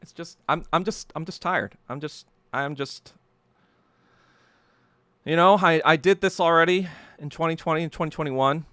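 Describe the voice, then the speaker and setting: A man's voice: fairly high pitch, normal speed, pushed and bright, clear, resonant tone, no echo. A man hosting a solo podcast, ranting heatedly and profanely, often stumbling and repeating words as he gets worked up. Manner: repeats and restarts words when agitated. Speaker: podcast host.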